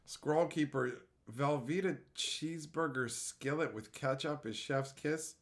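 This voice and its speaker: A man's voice: on the high side, unhurried. A young adult man streaming and reading chat aloud in casual talk, ranting with exasperated disbelief and frequent swearing.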